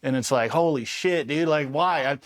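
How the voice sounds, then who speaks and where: A man from Los Angeles, a former Army Ranger, telling war stories in a casual, animated interview and swearing freely as he acts out the people he quotes. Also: a little high, normal speed. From Los Angeles, USA. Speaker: Army Ranger veteran guest.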